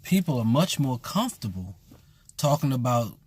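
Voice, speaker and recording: A man's voice: medium pitch, big pitch swings, normal speed, breathy edge. A man who teaches at a voodoo temple, talking bluntly and casually with emphatic repetition. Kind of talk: casual spoken commentary.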